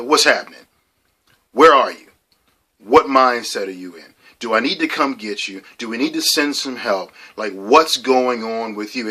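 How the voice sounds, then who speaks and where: A man hosting a documentary, giving an earnest, emphatic personal testimony that sinks to a soft near-whisper at times. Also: mid-range voice. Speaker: documentary host and storyteller.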